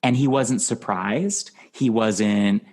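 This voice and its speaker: A man hosting a podcast in casual movie talk, animated and acting out quotes with laughs. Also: lowish voice, slow pace. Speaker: podcast host.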